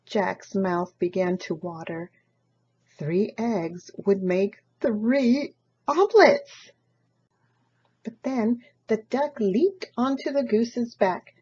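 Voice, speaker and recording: Slow, expressive woman reading a storybook. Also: medium pitch, breathy edge, highs cut off. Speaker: storybook reader. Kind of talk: children's story read-aloud.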